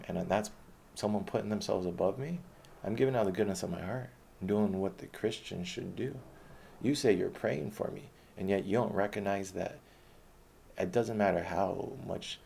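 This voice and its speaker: Deep gravelly man telling a story. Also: moderate pace, a little mellow, a little hiss or hum. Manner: blunt, rambling, retells conversations. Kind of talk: personal storytelling monologue.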